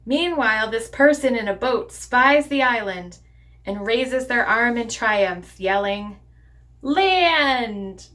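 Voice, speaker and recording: Woman, pastor, sermon, slow deliberate cadence, slightly high voice. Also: a bit bright. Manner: slow, measured preaching cadence.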